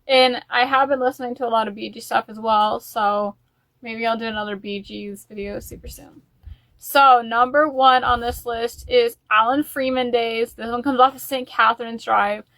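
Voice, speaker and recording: A woman's voice: on the high side, steady tone, normal speed, a bit bright, no echo. A woman chatting in a casual music vlog, rambling and openly emotional. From United States. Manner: chatty and rambling, with fillers and restarts. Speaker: music vlogger.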